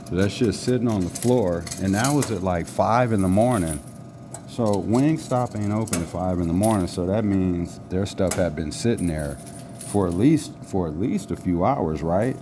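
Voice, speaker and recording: Low-voiced dude rambling on his podcast, chill and cussing, noisy background. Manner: laid-back, rambling, swears casually. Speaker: podcast host. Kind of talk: casual solo podcast chat. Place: apartment building lobby, walking a dog.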